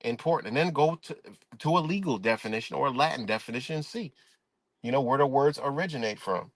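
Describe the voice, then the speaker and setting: A middle-aged man from Rochester, New York, talking in a casual, profane, rambling livestream monologue and telling an animated story. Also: medium pitch, quick pace, dry recording. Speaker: live stream host.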